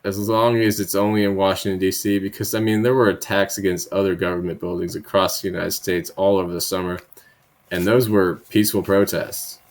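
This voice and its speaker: A deep-voiced man talks a little fast in a level tone while hosting political commentary. He reads bill text aloud, then riffs on it bluntly, profanely and sarcastically, full of conversational asides and tag questions like "right?"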